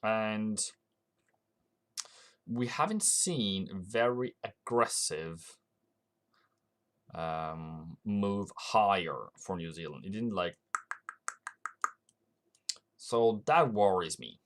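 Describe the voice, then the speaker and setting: A man's voice: fairly low pitch, very slow, pauses often, fairly bright tone. A man with a Norwegian accent giving rambling live-stream market commentary, thinking aloud with frequent restarts. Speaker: forex trading streamer.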